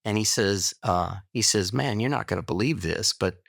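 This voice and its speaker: His voice is on the low side and gravelly, moving at a moderate pace, with echo-free studio sound. The middle-aged podcast guest tells a personal tale in a casual, lively way, dramatizing the quoted exchanges.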